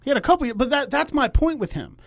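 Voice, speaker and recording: A man's voice: very high voice, sing-song, fast talker, vocal fry, no echo, studio quality. A man co-hosting a sports podcast, blunt and profane, often restarting his sentences in casual debate. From Ohio. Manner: blunt, swears a lot, hesitant restarts. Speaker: podcast co-host.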